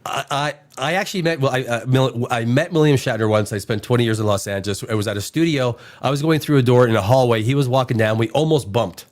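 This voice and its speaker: A man's voice: medium pitch, fast talker, few pauses. A man hosting a casual chat, rambling and cursing with many restarts. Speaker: host.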